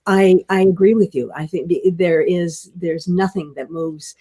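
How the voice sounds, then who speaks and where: An older actress telling stories in an interview, gentle and self-deprecating, often restarting and laughing softly. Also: female voice, lowish voice, normal speed. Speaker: guest actress. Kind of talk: casual interview storytelling.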